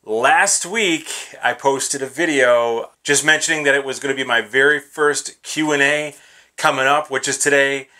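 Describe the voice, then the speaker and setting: Bright-voiced upbeat man hosting a vlog. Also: medium pitch, normal speed. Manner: upbeat, chatty, filler words like "kinda" and "uh". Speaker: YouTube channel host. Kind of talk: casual Q&A vlog. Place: small home studio with gear bins behind.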